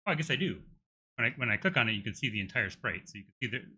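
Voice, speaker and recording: A man's voice: medium pitch, big pitch swings, rapid-fire, bright, forceful tone, breathy edge. A middle-aged man with a tired throat, live coding and thinking aloud, hesitant with many restarts. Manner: hesitant, many restarts while working things out. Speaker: game developer streaming live.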